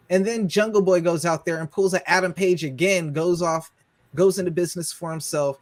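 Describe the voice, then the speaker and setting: A man co-hosting a podcast, talking wrestling in an animated, profane, emphatic way. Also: high-pitched, a little fast, no room sound. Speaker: podcast co-host. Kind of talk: casual wrestling chat.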